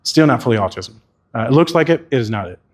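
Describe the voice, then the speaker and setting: A man speaks at a conference keynote in a casual, candid way, swearing freely as he talks. His voice sits in an ordinary middle pitch. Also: lively intonation, fast. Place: conference venue.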